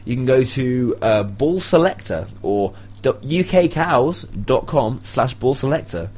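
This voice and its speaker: A man's voice: mid-range voice, animated, a little slow, darkish tone, slightly rough. A man hosting a casual radio show, chatty and laughing often, with rambling asides. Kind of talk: casual student radio chat.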